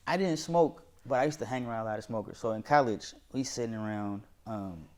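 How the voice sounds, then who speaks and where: Animated man telling stories. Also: medium pitch, a little fast. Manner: animated storyteller, acts out quotes. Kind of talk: casual chat.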